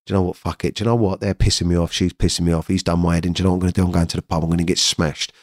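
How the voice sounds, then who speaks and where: A man's voice: low voice, little pitch movement, racing, a little mellow, dry recording, studio quality, natural voice. A man voicing the craving inner voice of a drinker, muttering and swearing as it talks itself into a night out. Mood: tempted, self-pitying.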